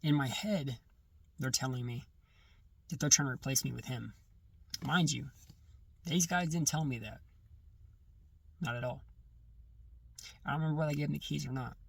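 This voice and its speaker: A man recounting a personal testimony in casual first-person storytelling, halting and often restarting or correcting himself mid-sentence. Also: mid-range voice, creaky, breathy edge, recorded from a distance.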